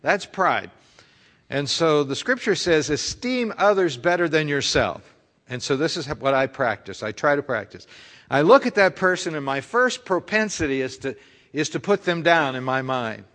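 A man's voice: on the high side, lively intonation, normal speed, a bit bright, in a large hall. A male pastor preaching a conversational sermon full of rhetorical questions.

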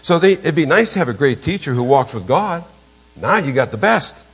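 An older man, preaching a storytelling sermon as a pastor, emphatic and jumping suddenly in pitch and volume. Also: very animated, moderate pace, a bit bright, husky.

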